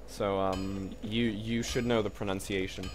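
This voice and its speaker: A man's voice: fairly low pitch, flat delivery, a little slow, a little hiss or hum. A young man streaming a video game, chatting casually with viewers in a loose, joking way, swearing and filling gaps with "like" and "um". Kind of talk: casual live-stream commentary.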